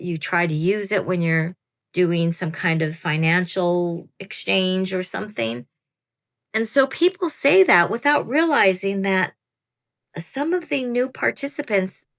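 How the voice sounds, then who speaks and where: A woman in her fifties giving casual, chatty advice to newcomers, rambling a little and laughing at herself. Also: mid-range voice. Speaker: veteran program participant giving advice. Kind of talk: casual advice talk to camera.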